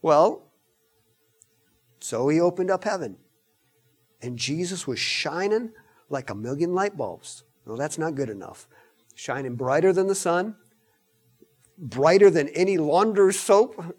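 A man preaching a sermon in an animated, emphatic way, mixing in joking asides. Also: on the high side, unhurried, long pauses, slightly rough.

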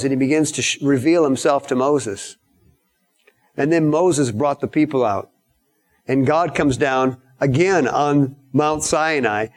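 A man preaches a sermon as a story, voicing the people in it and breaking into sudden high shouts.

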